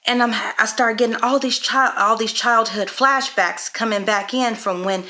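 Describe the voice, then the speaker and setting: Earnest bright-voiced woman sharing a story. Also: fairly high pitch, steady tone, moderate pace. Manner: earnest, reflective, many "um"s. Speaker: parenting vlogger. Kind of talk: personal testimony vlog.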